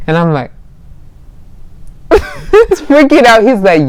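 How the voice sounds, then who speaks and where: A woman's voice: a little high, huge pitch swings, takes it slowly, a little mellow, no room sound. A young woman vlogger casually telling a dating story, chatty and laughing often as she acts out both sides of the conversation.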